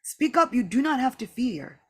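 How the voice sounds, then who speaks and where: A commanding divine figure calls out loud and high, urging a frightened devotee to speak, as a woman reads the scripture aloud. The voice is raised and urgent, with sudden leaps in pitch. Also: big pitch swings, normal speed, slightly rough, heavily acted. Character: the Lord in a roaring boar form, commanding.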